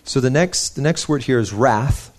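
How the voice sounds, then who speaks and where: A man's voice: mid-range voice, lively intonation, normal speed, a little mellow. A young man preaching a sermon in an earnest, conversational way, stopping to restart his sentences and telling stories from his own life.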